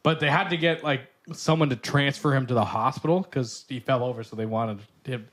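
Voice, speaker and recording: A man's voice: medium pitch, fairly quick, a bit bright. A man co-hosting a podcast in casual chat, retelling a story and laughing often. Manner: retells stories with quoted voices, laughs often. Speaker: podcast co-host.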